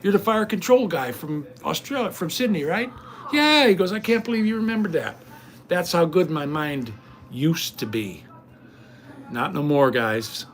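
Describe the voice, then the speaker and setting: A man's voice: a little high, expressive, normal speed. Rambling folksy older man. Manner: folksy, rambling, frequent restarts and stammers. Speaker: vlogger. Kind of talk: casual rambling chat to viewers.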